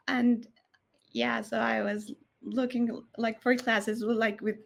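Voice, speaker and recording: Giggly woman from Colombia, fairly high voice. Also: little pitch movement, gravelly. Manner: quick, giggly, many "like"s. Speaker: podcast guest. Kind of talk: casual interview talk.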